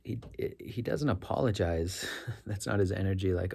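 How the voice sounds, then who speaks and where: A middle-aged man with a deep, gravelly voice tells a story in a loose, reflective way. His tone is dark and mellow, and he often circles back and corrects himself as he talks. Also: normal speed. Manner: rambling, self-correcting, earnest. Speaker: rideshare driver sharing stories.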